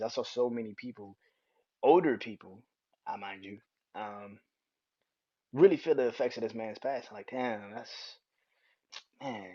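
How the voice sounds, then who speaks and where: A man's voice: lowish voice, a little mellow. A young man hosting a solo podcast, talking casually in a rambling way with frequent restarts and free swearing. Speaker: podcast host. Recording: dull lo-fi sound.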